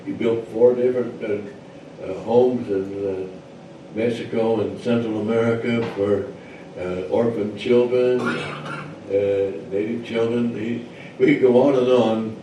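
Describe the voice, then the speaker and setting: A man's voice: fairly low pitch, steady tone, a little slow, noisy background. A man speaking at a church service and telling an old legend in a folksy, digressive way. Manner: folksy and digressive, many uh fillers. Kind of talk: sermon storytelling. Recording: very echoey church hall, mic far off.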